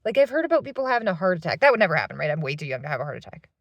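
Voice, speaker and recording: A woman's voice: deep voice, sing-song, rapid-fire, dry recording. A woman in her thirties venting in a rambling, swearing monologue from a parked van. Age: 30s. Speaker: vlogger.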